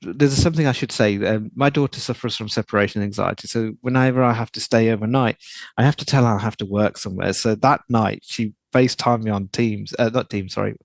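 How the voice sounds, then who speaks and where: A man, a podcast guest, telling a story in a casual, animated way and often repeating words as he talks. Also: on the low side, a little fast, vocal fry, dry recording.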